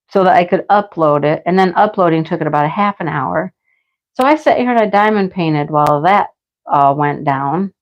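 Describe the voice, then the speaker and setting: A chatty woman hosts a relaxed craft livestream. She rambles warmly from topic to topic, laughs often, and greets her viewers by name in a mid-range voice. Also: medium pitch, dull audio. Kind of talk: casual live chat with viewers.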